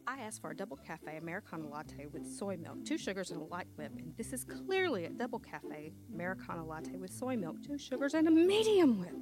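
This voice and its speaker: An actress playing a furious, overbearing mother who rants with exaggerated outrage, in a film clip with music behind. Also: natural voice. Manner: shrill ranting, exaggerated outrage.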